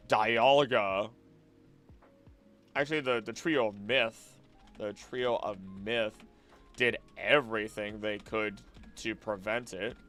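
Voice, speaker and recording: Late at night, a young man streams and chats casually in a fairly low, fairly bright voice. He rambles and thinks aloud, often restarting sentences, getting distracted and drifting off topic.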